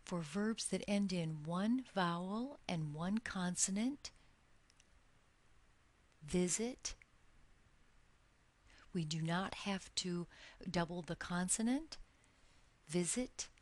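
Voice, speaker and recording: A woman teaching an English grammar lesson in a slightly low voice. She talks very slowly and deliberately, drawing out each example word so it can be followed.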